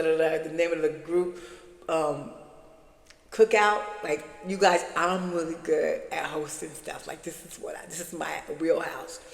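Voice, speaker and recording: A woman telling her story in a casual vlog, rambling and chatty, speaking straight to her viewers. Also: lowish voice. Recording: echoey room with long reverb.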